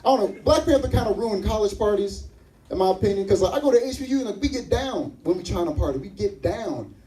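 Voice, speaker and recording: A man's voice: sits high, fast, recorded from a distance, rough recording. A young man performing a stand-up comedy set, telling stories and acting out the other people in them. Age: young adult. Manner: animated storytelling with acted-out voices. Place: live comedy venue.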